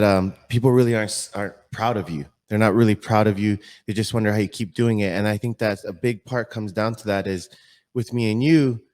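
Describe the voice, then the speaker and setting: A man who works as a fitness model, a guest on a podcast, talking earnestly and excitedly in casual chat, often repeating himself. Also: mid-range voice.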